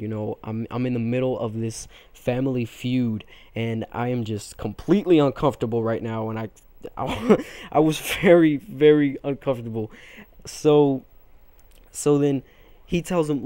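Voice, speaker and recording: A man's voice: mid-range voice, normal speed, warm tone, no echo. A teenage man hosting a gaming channel, telling a long rambling story full of fillers and restarts over his gameplay.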